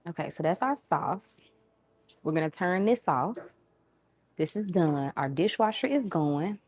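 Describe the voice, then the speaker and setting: A woman's voice: on the low side, expressive, measured pace, a little mellow, husky, dry recording. Chatty woman with a Southern accent hosting a live cooking stream from her kitchen, casual and friendly with viewers. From Southern United States. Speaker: home cooking livestream host. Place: home kitchen. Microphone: new microphone.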